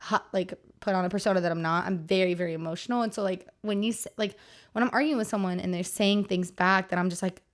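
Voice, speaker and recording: A woman's voice: medium pitch, steady tone, fast. Woman, podcast co-host, casual chat, rambling, says "like" constantly, restarts her sentences. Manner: rambling, heavy use of "like", frequent restarts.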